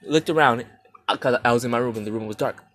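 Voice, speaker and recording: With slight background noise, a young podcast host talks fast through a dream he had, using slang, rambling and restarting his sentences. Playing out his reactions, he swings abruptly from high, loud yelling to low muttering.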